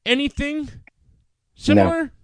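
A man's voice: very high-pitched, unhurried, dry recording. A middle-aged man, a podcast co-host, telling stories in casual chat with lots of swearing. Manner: profane, animated storyteller.

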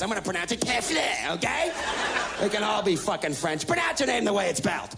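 A man's voice: high-pitched, very animated, a little fast, creaky. Profane ranting stand-up comedian, man. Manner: loud, profane, sarcastic ranting. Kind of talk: stand-up rant. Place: stage before a live audience. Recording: live show with crowd and music.

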